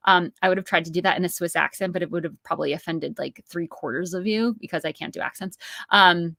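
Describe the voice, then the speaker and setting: Talking fast in a lowish voice with vocal fry and a sharp tone, a woman in her thirties runs a live-streamed class with Q&A. She's upbeat and conversational, drifting into asides and fillers; the studio-quality audio has no room sound.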